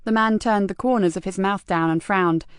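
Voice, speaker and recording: Narradora de audiolibro policíaco, lectura serena, tono medio, micrófono cercano. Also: female voice, mid-range voice, moderate pace, clear, resonant tone, no room sound, clean studio sound. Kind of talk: scripted narration.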